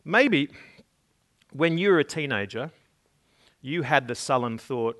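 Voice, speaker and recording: A man's voice: mid-range voice, expressive, a little slow, a bit bright. A man preaching a sermon, earnest and emphatic, reading scripture aloud and repeating words as he builds his points. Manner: reads scripture and stories aloud.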